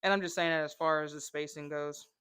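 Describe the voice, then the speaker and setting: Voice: medium pitch, steady tone, fast talker, sharp tone, clear, resonant tone. A comedic vlogger in a rambling monologue who jumps between tangents and acts out the voices of people in the stories.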